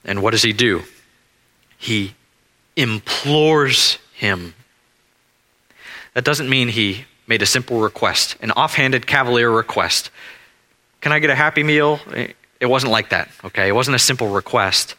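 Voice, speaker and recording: Man preaching, animated swings in pitch, very bright tense tone, repeats himself for emphasis. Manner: emphatic, repeats phrases, slows on key words. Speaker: pastor. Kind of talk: expository sermon.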